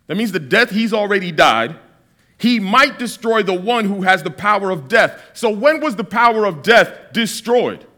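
A man in his thirties from Massachusetts preaches with a high, bright voice that leaps up and down in pitch. He reads scripture slowly, then jokes and tells stories with the room. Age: 30s. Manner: animated, joking storyteller with Bible readings. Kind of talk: sermon.

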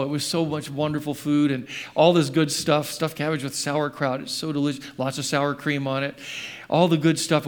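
An older male pastor preaches in church, slipping between fond family memories and questions to the congregation. His voice sits a little high for a man. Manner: storytelling, quizzes the congregation. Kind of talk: sermon with personal stories.

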